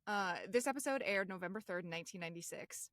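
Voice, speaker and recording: A woman's voice: medium pitch, animated, fast talker, a bit bright, no echo, clean studio sound. A woman co-hosting a podcast in casual chat, chatty and laughing often. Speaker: podcast co-host.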